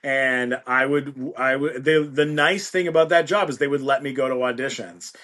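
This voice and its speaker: Guy guest on a podcast, bright voice, spins a story with jokey asides. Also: mid-range voice. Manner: animated, quick storytelling with self-mocking asides. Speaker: interview guest. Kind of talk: anecdotal storytelling.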